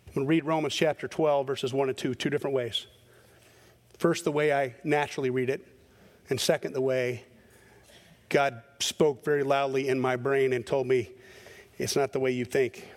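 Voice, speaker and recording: A man's voice: mid-range voice, normal speed. A male pastor giving a sermon in a conversational way, telling stories with animation. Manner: conversational preaching with animated storytelling.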